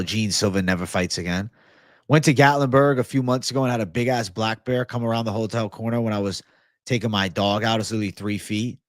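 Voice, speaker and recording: A young man hosting an MMA livestream, chatting casually and reading comments in a profane, excitable bro style. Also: on the low side, dry recording, studio quality. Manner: profane, excitable, laid-back bro talk.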